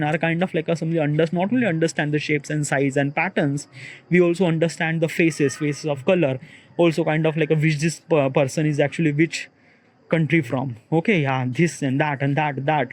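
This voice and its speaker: A man with an Indian accent, talking through ideas in an unscripted solo monologue, rambling and filling gaps with "okay, yeah". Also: on the high side. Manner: rambling, constantly repeats "okay, yeah" and "kind of like"; searching for words, many restarts. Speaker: solo podcaster.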